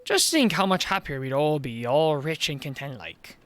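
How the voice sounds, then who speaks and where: A man's voice: on the high side, very animated, normal speed, fairly bright tone, no room sound, pitched below the performer's own voice. A man voicing a scheming middle-aged male village mayor in a video game, coaxing and wheedling with a put-on Welsh-style lilt. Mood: coaxing, sly.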